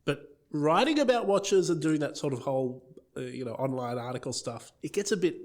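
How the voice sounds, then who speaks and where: An Australian man guesting on a podcast, rambling through fillers and restarts in a relaxed chat. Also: on the high side, a little fast. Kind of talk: casual chat.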